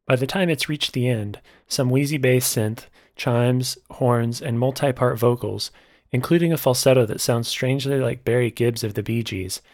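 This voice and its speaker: A man narrating a scripted music album review in a measured, descriptive way. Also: mid-range voice, steady tone, darkish tone, dry recording, clean studio sound.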